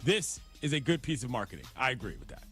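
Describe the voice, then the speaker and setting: A man co-hosting a radio show, riffing on news stories with animated, sarcastic jokes. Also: medium pitch, quick pace, faint music behind. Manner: animated, wisecracking, sarcastic riffs. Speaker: radio co-host. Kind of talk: jokey sports radio banter.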